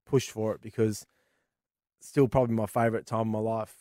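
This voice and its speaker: A man's voice: lowish voice, little pitch movement, a little fast, dark tone, no room sound, clean studio sound. An Australian man co-hosting a casual gaming podcast, laughing easily and swearing. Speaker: podcast co-host.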